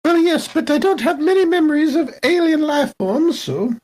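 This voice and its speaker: A player voicing a practical crew member in a tabletop game, speaking wryly and dropping into low murmurs. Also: animated, normal speed, a little mellow, low-quality recording. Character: practical crew member who bakes, curious and wry.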